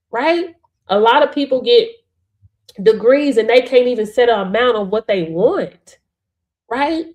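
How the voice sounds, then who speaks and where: Woman coach on a live stream, a bit high-pitched, emphatic, keeps checking in with viewers. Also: darkish tone. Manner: emphatic, punctuates with "right?" and "Hello?", calls on viewers. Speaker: business coach.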